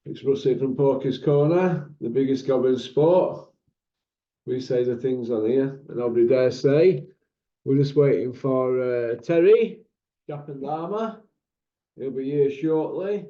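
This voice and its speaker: Teasing host, roomy lo-fi sound. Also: male voice, mid-range voice, measured pace. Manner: chatty, teasing, laddish banter. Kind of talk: casual chat.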